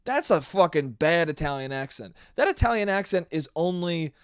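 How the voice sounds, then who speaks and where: A man's voice: on the high side, lively intonation, moderate pace, clear, resonant tone, no room sound, studio quality. A young man hosting a solo podcast, ranting sarcastically and swearing a lot while acting out mocking voices. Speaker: podcast host. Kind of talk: solo comedic rant.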